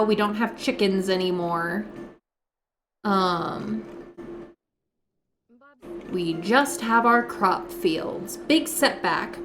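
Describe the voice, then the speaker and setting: A woman's voice: mid-range voice, a bit bright. A young woman live-streaming a game from home, chatting to viewers as she walks them through each step. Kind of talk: live gameplay commentary.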